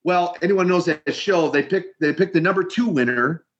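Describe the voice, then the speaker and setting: An older man, a retired wrestler, telling lively stories in an interview and acting out the quotes. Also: high-pitched, normal speed. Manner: lively storyteller, acts out quotes. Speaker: retired pro wrestler guest. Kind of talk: animated storytelling interview. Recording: muffled lo-fi audio.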